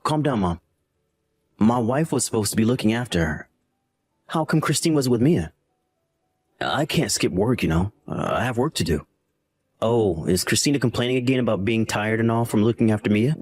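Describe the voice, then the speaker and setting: Evasive lying son played by a man, husky, dry close sound. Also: on the low side, expressive, moderate pace, pauses often, darkish tone, no room sound. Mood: defensive. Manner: defensive, evasive. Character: lying evasive adult son, young father. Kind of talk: scripted story acting.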